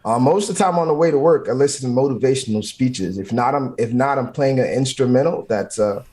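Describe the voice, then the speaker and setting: A man's voice: mid-range voice, fairly quick, darkish tone. Intense motivational man, punchy repeats. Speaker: firefighter guest. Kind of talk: motivational interview talk.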